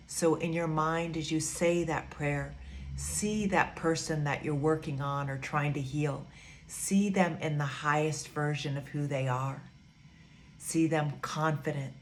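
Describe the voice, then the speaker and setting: A woman giving a gentle, soothing teaching talk, repeating phrases softly as she guides her students. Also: low-pitched, slight background noise. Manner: soft, slow, repetitive, soothing. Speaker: spiritual teacher.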